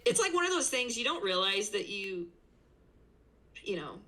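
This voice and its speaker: A woman's voice: mid-range voice, sing-song, normal speed, pushed and bright, poor audio. A woman talking casually about her zookeeping work on a stream, chatty with plenty of fillers, over a video call. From not from the city she lives in. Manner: chatty, lots of fillers and likes. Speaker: zookeeper guest.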